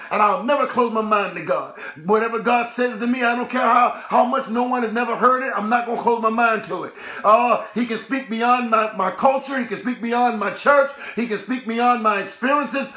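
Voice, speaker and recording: A man preaching a sermon in a rhythmic call-and-response style, breaking into shouts. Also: extremely high pitch, echoey room.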